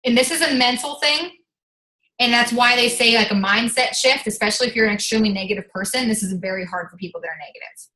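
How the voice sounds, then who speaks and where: A woman with a bright, ringing, slightly high voice coaches her fitness team on a motivational call. She talks quickly in an energetic, chatty way, peppering her speech with "like" and casual swearing. The sound bounces around an echoey room.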